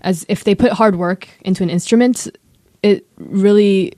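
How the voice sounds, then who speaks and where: A woman's voice: medium pitch, moderate pace, dark tone, dry recording. A woman musician answering interview questions in a studio, thoughtful and hesitant with frequent ums. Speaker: guest musician.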